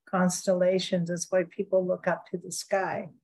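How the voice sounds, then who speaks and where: Lower-voiced woman musing reflectively. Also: level tone, normal speed, a little mellow. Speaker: radio show co-host. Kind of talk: casual radio chat.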